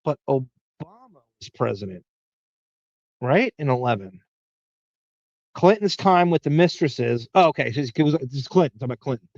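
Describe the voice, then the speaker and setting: A podcast host from Long Island, New York, with a matching accent reads listener comments during a casual live chat, thinking aloud in a rambling, profane way. His medium-pitched voice is animated and darkish in tone, with a moderate pace and frequent pauses. The recording sounds dry and dull.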